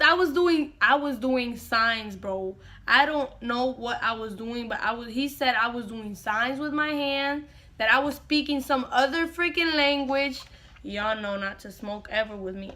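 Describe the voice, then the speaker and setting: Bright, high-voiced young woman telling a story. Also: normal speed. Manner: animated, slangy, says "bro" often. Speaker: vlogger. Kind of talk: casual storytime.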